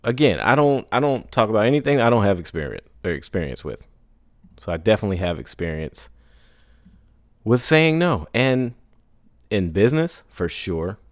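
A man hosting a solo podcast, telling business stories in a casual, animated way, acting out others in high put-on voices and laughing between lines. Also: moderate pace, dry recording, clean studio sound. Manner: laughs and sighs often. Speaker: podcast host.

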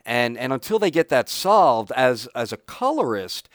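A man with a mid-range voice, recorded dry and close with no room sound, talking as a colorist and trainer. He is frank but halting, often restarting his sentences. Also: mid-range voice, very animated, no echo. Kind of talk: casual podcast discussion.

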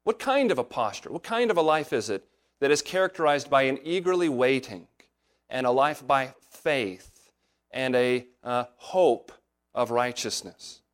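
A man's voice: mid-range voice, animated, unhurried. A male pastor preaching an expository sermon. He talks in an earnest, explanatory way and keeps asking rhetorical questions as he works through a text.

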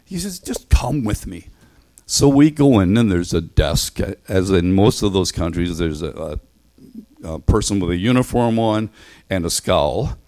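A man giving a sermon in a relaxed, anecdotal storytelling manner that closes in prayer. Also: sits low, unhurried. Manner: conversational, anecdotal, acts out voices in stories. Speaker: preacher.

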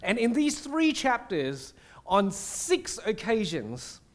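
A man preaching a sermon, conversational and animated, with fillers and restarts. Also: high-pitched, slow. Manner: animated, acts out prayers and quotes with shifting voice.

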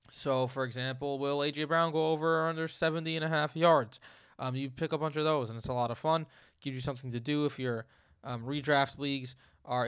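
A man's voice: on the high side, a bit bright, clear, resonant tone, dry recording, clean studio sound. A man hosting a fantasy sports podcast, chatting casually and joking between ad reads. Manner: playful, jokey, quick asides. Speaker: podcast host.

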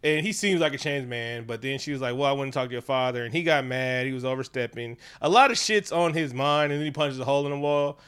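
A man co-hosting a casual chat, talking in an animated, profane way and breaking into funny voices. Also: medium pitch, fast, few pauses, smooth. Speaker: podcast co-host.

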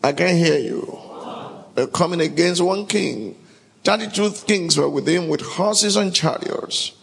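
Male pastor, gravelly and unhurried, preaching emphatically in a reverberant church hall. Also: fairly high pitch, a bit bright. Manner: emphatic, calls out to the congregation for responses. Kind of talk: sermon.

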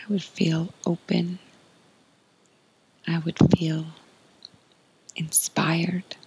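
A woman hosting a podcast, giving a soft, earnest spiritual monologue in a breathy, often whispered voice. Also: fairly low pitch, little pitch movement, extremely slow, poor audio. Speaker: podcast host.

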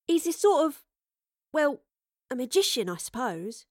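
A woman's voice: high-pitched, big pitch swings, measured pace, dry recording, studio quality, pitched above the performer's own voice, full character voice. A woman voicing a blunt, cheeky young woman adventurer who swears casually in an audiobook.

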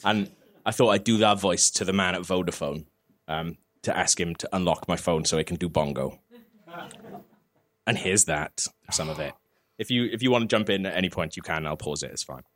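A man's voice: low-pitched, moderate pace, fairly bright tone, a little hiss or hum. A man hosting a podcast in casual chat, rambling, swearing and laughing often. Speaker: podcast host.

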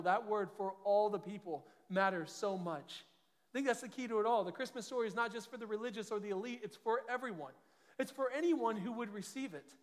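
A man preaches a sermon from a church stage. He talks with a high voice in an earnest, conversational way and often restarts his sentences. Long reverb from the hall trails each phrase. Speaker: pastor.

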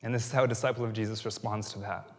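A man preaching a sermon, moving from quiet storytelling to loud, impassioned exhortation. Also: fairly low pitch, steady tone, racing. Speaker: pastor. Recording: long hall reverb.

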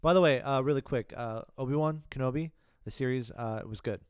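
A man co-hosting a podcast, talking casually about films, with relaxed swearing. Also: medium pitch, a little fast, smooth, dry recording, clean studio sound. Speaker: podcast co-host. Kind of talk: casual chat.

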